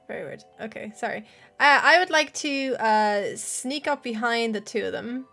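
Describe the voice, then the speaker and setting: A woman playing a tabletop game in a playful, unhurried way. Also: a little high, bright, forceful tone, faint music behind. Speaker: player. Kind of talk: tabletop role-play.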